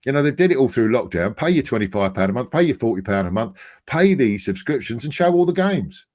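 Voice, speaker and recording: A man's voice: medium pitch, big pitch swings, fast, darkish tone. An older man from England hosting a podcast, ranting bluntly and swearing in casual football chat. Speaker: podcast host.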